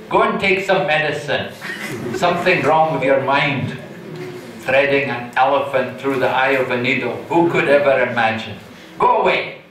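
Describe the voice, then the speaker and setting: A man voicing a proud, indignant high-born priest who blusters and scoffs. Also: bright, forceful tone. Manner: scornful, blustering, raises pitch in anger. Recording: echoey hall, distant mic.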